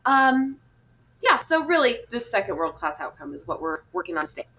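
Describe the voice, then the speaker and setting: A woman's voice: medium pitch, very animated, moderate pace, a bit bright. A young woman teaching a small class, encouraging and chatty with frequent ums. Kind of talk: classroom lesson.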